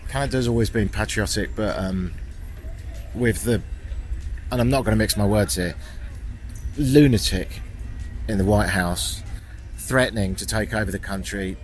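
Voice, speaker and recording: A man's voice: mid-range voice, a bit bright, slight background noise. Wry British man vlogging outdoors. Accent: British English. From Britain. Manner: chatty, wry, swearing, earnest. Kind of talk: walking vlog monologue. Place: outdoors in a small mountain town.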